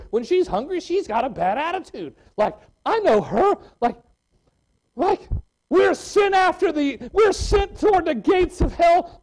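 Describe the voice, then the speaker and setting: A man preaching a sermon in a church, swinging from loud exclamations to quiet scripture reading. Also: extremely high pitch, rough recording.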